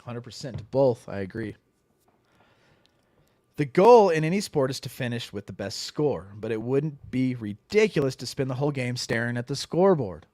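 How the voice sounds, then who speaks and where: A man's voice: medium pitch, normal speed, no room sound, clean studio sound. A man co-hosting a casual podcast, reading passages from a book aloud and riffing on them. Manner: animated, reads passages aloud and riffs on them. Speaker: podcast co-host.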